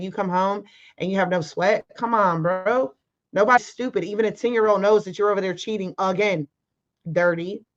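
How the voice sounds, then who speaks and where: Emphatic woman recounting a story, lo-fi. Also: lowish voice. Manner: emphatic, animated, acts out quoted arguments. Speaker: interview guest. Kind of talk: casual storytelling.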